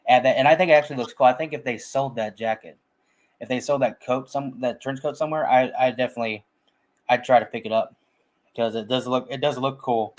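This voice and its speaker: A man's voice: mid-range voice, a little fast. Rambling man chatting about movies. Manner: rambling, many restarts and fillers. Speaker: movie podcast co-host. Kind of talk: casual film discussion.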